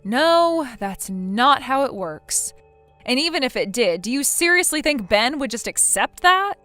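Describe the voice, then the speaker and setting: A woman's voice: high-pitched, very animated, unhurried, sharp tone, dry recording, soft background music, heavily acted. A woman voicing a blunt young female friend in a text-message story, lecturing firmly. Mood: stern. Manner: firm, lecturing.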